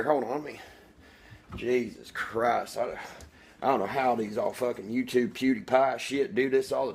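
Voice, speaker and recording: A man's voice: medium pitch, natural voice. A man playing a cocky, crude redneck vlogger who rambles, brags and talks about himself in the third person. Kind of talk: comedic character monologue.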